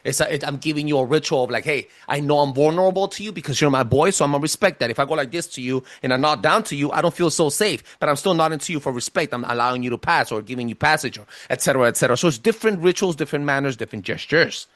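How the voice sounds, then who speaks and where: A man's voice: on the high side, racing, hardly any pauses, a bit bright, dry recording. A man with a thick accent, casually presenting ideas on a podcast, emphatic, stumbling and restarting as he goes. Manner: says he has a thick accent. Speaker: podcast host giving a presentation.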